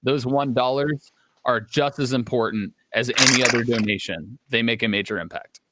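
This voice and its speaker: A man co-hosting a charity livestream, telling a story in a calm, earnest, steady way. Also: medium pitch, moderate pace, very noisy. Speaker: livestream co-host.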